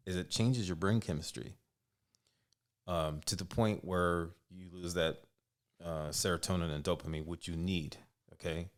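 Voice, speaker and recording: A man talking as a podcast guest in a casual debate, earnest and insistent, lecturing steadily on what he believes. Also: low voice.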